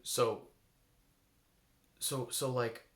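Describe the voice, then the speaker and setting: A man's voice: mid-range voice, steady tone, extremely slow, fairly bright tone, reverberant. A man giving a reflective coaching talk, searching for words and asking many rhetorical questions. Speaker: eating coach.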